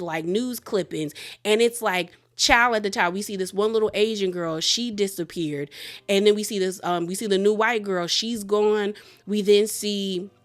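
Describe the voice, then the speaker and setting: A woman casually recapping a horror film for her channel, chatty, full of fillers and quick asides. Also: medium pitch. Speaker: reviewer.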